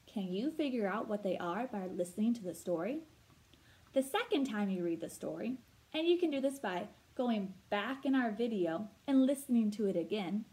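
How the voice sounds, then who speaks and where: A woman teacher explaining vocabulary words slowly and clearly, asking her listeners questions as she goes. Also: fairly high pitch, warm tone, low-quality recording. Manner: slow, clear teacher talk with rhetorical questions. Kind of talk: read-aloud vocabulary lesson.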